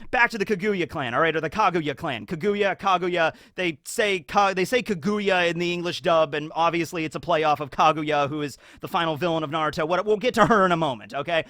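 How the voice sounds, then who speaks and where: Excitable high-voiced man ranting about anime. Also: dry recording. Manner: excitable, tags sentences with "okay?". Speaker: YouTube host. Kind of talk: casual anime commentary monologue.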